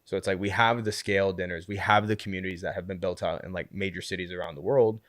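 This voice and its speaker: Deep-voiced and fast, a community co-founder appearing as a podcast guest tells an animated story in casual chat. He leans heavily on "like" and acts out what people said; the audio is studio quality with no room sound.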